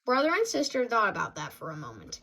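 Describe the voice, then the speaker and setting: Woman, children's book read-aloud, lively up-and-down delivery, bright tone. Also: fairly high pitch, quick pace, creaky, slight background noise. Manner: expressive, sound-effect dings between pages. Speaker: storybook reader.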